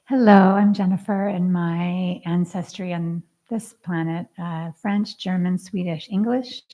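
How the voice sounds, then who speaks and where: A woman's voice: fairly low pitch, fairly even intonation, a little slow, mellow, highs cut off. A woman introducing herself to a group, listing things, recorded from a distant mic with room noise. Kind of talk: casual self-introduction.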